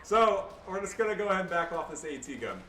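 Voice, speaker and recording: A man's voice: high voice, sing-song, fast. Casual joking man in an echoey room. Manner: joking, loose, swears, fillers like "you know". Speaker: gamer commentating own match. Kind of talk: casual gameplay commentary. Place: home room with family around. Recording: echoey room, far-off mic, background noise.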